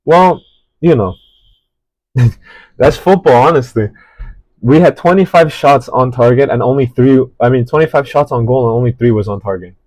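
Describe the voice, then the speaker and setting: A man's voice: medium pitch, normal speed, darkish tone, no room sound, poor audio. A man casually analyzing a football match, talking in a rambling, hesitant way with many fillers and restarts. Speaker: football reaction host.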